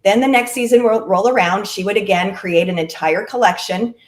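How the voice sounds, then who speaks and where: A middle-aged woman talks about her work as a clothing stylist in a friendly, chatty way, with plenty of ums along the way. Her voice sits in the middle of the range. The room around her adds a clear echo. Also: medium pitch, fairly quick. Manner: chatty and friendly, with frequent fillers. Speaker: guest, clothing direct-sales stylist. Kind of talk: casual interview conversation. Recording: roomy echo.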